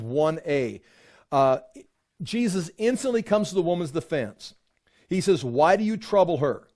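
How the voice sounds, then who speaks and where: A man teaching a Bible study, lively and informal, acting out the quoted speakers as he explains the text. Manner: animated, acts out quotes with rising pitch.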